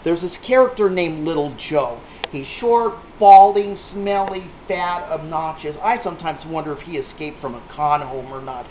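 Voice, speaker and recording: A man's voice: on the high side, normal speed, few pauses, a little hiss or hum. A man telling a rambling, salty anecdote to a small group, with a punchline-driven delivery. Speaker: storyteller. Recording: echoey room on a tinny lo-fi line.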